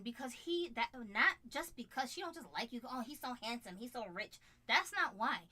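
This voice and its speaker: A woman co-hosting a casual live chat, animated and quick to act out other people's voices. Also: on the high side. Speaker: co-host.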